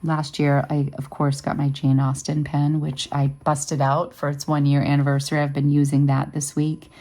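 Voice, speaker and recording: A woman's voice: deep voice, monotone, moderate pace, mellow. A woman in her fifties hosting a vlog, chatting casually and rambling with lots of fillers. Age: 50s. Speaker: vlog host. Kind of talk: casual chat.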